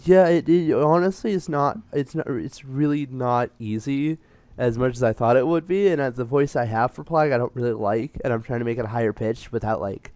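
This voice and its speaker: A man with a smooth, clear voice hosts a casual interview in a chatty way and laughs easily. His voice sits in a mid range, and the sound is dry and close. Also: medium pitch, a little fast, darkish tone, no echo. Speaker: interviewer host.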